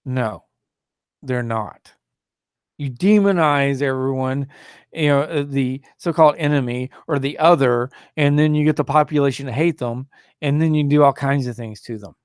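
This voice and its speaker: Rambling and indignant, this solo talk show host fills his speech with fillers and restarts, raising his voice to sneer at opposing views. His voice is mid-range, clear and resonant at normal speed, captured in clean studio sound with no room noise.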